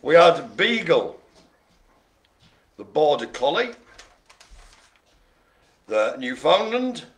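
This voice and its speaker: A man's voice: fairly high pitch, sing-song, very slow, pauses often. A man hosting a live bingo game, calling out numbers and rambling through jokey asides. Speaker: bingo host.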